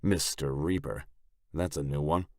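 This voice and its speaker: A man voicing a blunt, crude young biker who talks loudly and brashly. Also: very deep voice, a little slow, no echo, studio quality.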